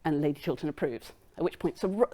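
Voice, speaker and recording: A woman giving a lecture, retelling a play's plot in a lively way and briefly acting out the characters' lines. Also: sits low, breathy edge. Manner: lively, acts out lines of dialogue in quick quotes.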